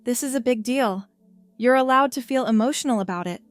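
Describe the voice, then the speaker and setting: A woman reading a story voices a kind, supportive friend in a soothing, slightly lower and quieter tone. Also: a little fast, dry recording, faint music behind, natural voice. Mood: gentle.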